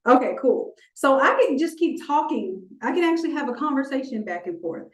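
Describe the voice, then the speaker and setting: A woman instructor teaching a live online design class, animated and playful, talking straight to her viewers. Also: high-pitched, brisk, few pauses. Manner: animated, playful, talks to the audience. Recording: roomy echo.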